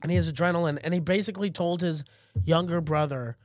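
A man's voice: fairly high pitch, fast, dry recording. Young man telling a story, dry studio sound. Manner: excited storyteller, acts out quoted voices loudly. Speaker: podcast co-host. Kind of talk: casual chat.

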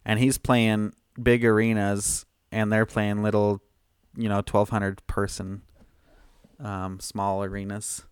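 A man's voice: on the low side, little pitch movement, takes it slowly, smooth, no echo, clean studio sound. A man co-hosting a podcast, casually recapping a film, laughing easily and trailing off with ums. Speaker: podcast co-host.

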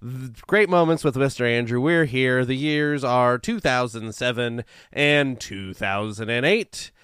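A man's voice: medium pitch, measured pace, fairly bright tone, smooth, no room sound, studio quality. A man co-hosting a casual podcast, laughing at himself and reading out dates and events. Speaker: podcast co-host.

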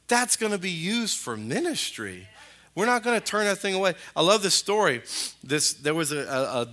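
A male pastor preaching a sermon in a church, animated and colloquial, rising and falling in pitch and loudness. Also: moderate pace. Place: church sanctuary.

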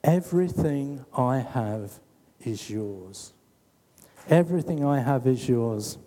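Gentle, generous father in a parable retelling, speaking slowly in a husky, mellow voice that rings through a long hall reverb, as a preacher puts him on. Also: mid-range voice, expressive. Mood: reassuring. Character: loving father, older man, patient and generous.

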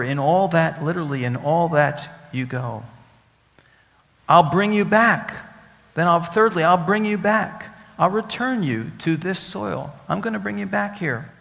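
A man's voice: on the high side, gravelly, fairly bright tone. A man preaching a sermon as a rabbi, teaching Hebrew words, asking the congregation questions and repeating key phrases for emphasis. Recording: long hall reverb.

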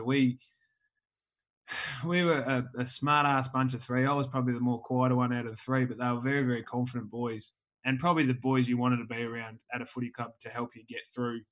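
An Australian man in his thirties, a former footballer, telling rambling stories in a relaxed chat. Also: mid-range voice, fairly quick, muffled recording. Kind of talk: casual storytelling chat.

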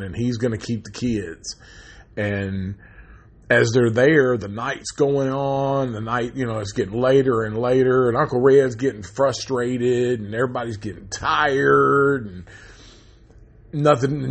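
A man recapping a horror movie in a casual, rambling, heavily profane way that turns loud and animated when he rants. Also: mid-range voice, breathy edge. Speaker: movie reviewer.

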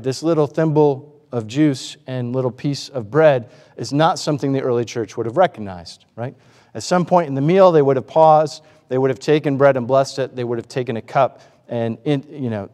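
A man's voice: medium pitch, dark tone, long reverb tail. A man preaching a sermon, asking the congregation rhetorical questions and acting out the voices he quotes. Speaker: pastor.

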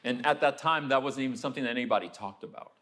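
A man preaching a sermon, telling a story and acting out the people in it, then turning quiet and low for a personal confession. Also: racing. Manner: storytelling, acts out the people he quotes.

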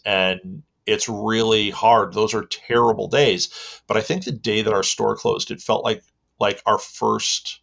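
A man from the American Midwest recounting a hard memory in an interview, halting and reflective. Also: on the low side, vocal fry, a bit bright. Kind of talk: personal story in an interview. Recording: dull lo-fi recording.

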